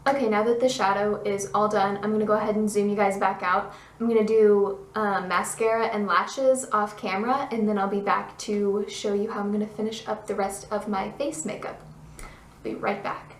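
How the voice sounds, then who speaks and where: A young woman talking through a makeup tutorial in a chatty, bubbly way, her voice a little hoarse. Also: mid-range voice, little pitch movement, normal speed, hardly any pauses, roomy sound, far from the mic, low-quality recording. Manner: chatty, bubbly, self-deprecating asides. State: losing her voice, slightly hoarse. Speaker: beauty vlogger.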